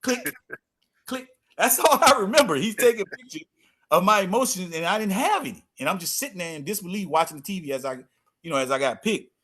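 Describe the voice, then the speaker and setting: A man's voice: high-pitched, animated, fast, a bit bright. A middle-aged man, a former football player telling stories as a guest in a casual interview and repeating phrases for emphasis.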